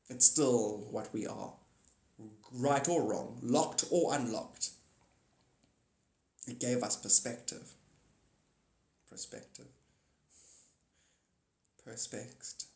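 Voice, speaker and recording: A man's voice: mid-range voice, slow pace, long pauses, darkish tone. A man hosting a livestream, rambling casually about spirituality and laughing often. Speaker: livestream host. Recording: echoey room.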